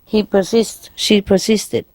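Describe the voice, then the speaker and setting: A woman's voice: mid-range voice, fairly even intonation, slow, darkish tone, no room sound. A woman telling jokes in a lecture, often chuckling and asking the audience questions. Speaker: spiritual teacher lecturing an audience. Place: lecture hall in Paris.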